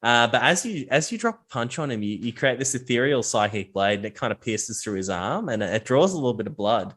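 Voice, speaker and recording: Male game master, relaxed storyteller, mid-pitched, easygoing delivery with filler words. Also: a little fast, breathy edge. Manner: casual, swears, many fillers and restarts. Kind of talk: narrating a tabletop game.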